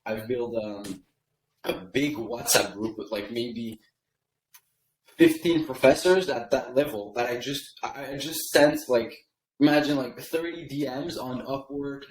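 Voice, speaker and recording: A man from Canada tells his story as a podcast guest, rambling casually and checking in with "right?" after his points. His voice sits at a middling pitch. The room around him is echoey and reverberant. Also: unhurried, slight background noise. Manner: rambling, tags lines with "right?". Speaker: podcast guest, email copywriter.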